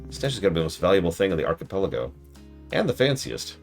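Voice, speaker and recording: A man's voice: low-pitched, very animated, fast talker, soft background music. A man casually commentating a game stream, joking and reading dialogue aloud in a playful way.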